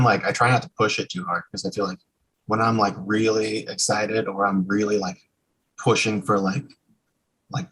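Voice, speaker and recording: A man being interviewed as a guest musician, talking in a relaxed, thoughtful way with many fillers. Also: lowish voice, slightly rough, low-quality recording. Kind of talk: casual interview talk.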